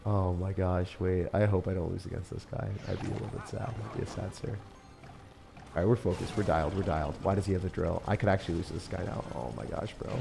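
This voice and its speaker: A man chatting excitedly while live-streaming a mobile game, often laughing and talking to his viewers. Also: low voice, quick pace, gravelly, few pauses, music in the background. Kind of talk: live-stream gameplay chat.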